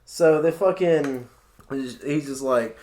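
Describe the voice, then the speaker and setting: Young dude on a podcast rambling thru a story, cussing, echoey room. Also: male voice, mid-range voice, slow pace, mellow. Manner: storytelling, swears a lot. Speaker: podcast co-host. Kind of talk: casual chat.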